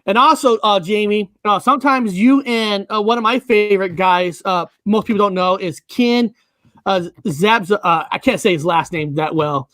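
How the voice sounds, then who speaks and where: A man's voice: high-pitched, normal speed, a bit bright, dry recording. A man from Washington state hosting a casual interview over a video call, talking loosely with lots of ums and uhs. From United States, Washington state. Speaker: online show host.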